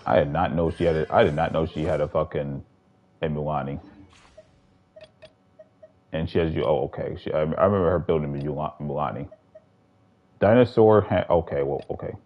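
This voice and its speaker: A man's voice: extremely low pitch, moderate pace, long pauses, muffled recording. A man streamer giving casual, rambling, profane commentary while playing a game. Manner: rambling, profane, restarts often. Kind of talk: casual gaming livestream commentary.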